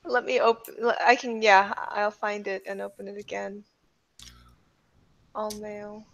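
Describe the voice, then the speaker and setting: A woman's voice: mid-range voice, level tone, measured pace, vocal fry. A woman narrating a tabletop game as game master, in a loose, filler-heavy way with frequent restarts.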